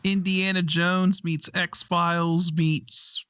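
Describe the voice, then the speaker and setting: A man's voice: high-pitched, little pitch movement, drawn-out words, bright, forceful tone, clear, resonant tone, no room sound. Hesitant man on dull, dry audio. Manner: hesitant, stammers and restarts often. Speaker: co-host of a paranormal livestream. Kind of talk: casual livestream chat.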